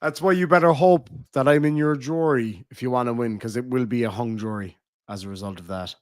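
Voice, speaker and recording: A man with a Cork accent talks loosely to his live-stream chat, trading crude, swearing banter with the viewers. His voice sits at an ordinary middle pitch and sounds close and dry, with no room around it. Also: fairly even intonation, brisk, dry recording. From Ireland.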